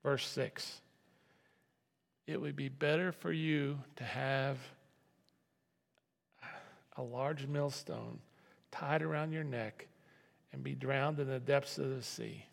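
A man's voice: medium pitch, slow pace, gravelly, pauses often. A man preaching a sermon as pastor, talking in a conversational way that repeats and restarts phrases. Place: church sanctuary. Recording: long reverb of a hall.

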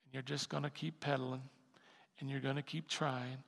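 A man preaching a sermon as pastor, impassioned and building to loud emphatic peaks. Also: medium pitch, little pitch movement, moderate pace, vocal fry. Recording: long hall reverb.

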